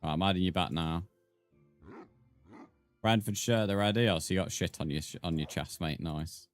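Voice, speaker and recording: A British man with a low voice chats easily with his viewers while playing a game live, bantering and thanking new followers between tasks. Soft music plays faintly behind him, and he speaks at normal speed.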